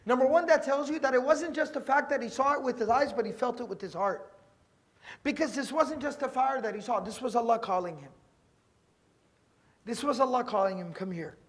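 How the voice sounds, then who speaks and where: A man giving a verse-by-verse Quran commentary lecture. He talks earnestly, repeats key phrases for emphasis, and mixes in Arabic terms that he then explains. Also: extremely high pitch. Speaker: Quran teacher.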